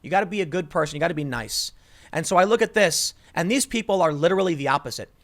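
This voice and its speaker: A man's voice: fairly high pitch, expressive, fast, a bit bright. A man hosting a casual commentary monologue, talking emphatically with frequent restarts as he tells a story. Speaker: political commentary host.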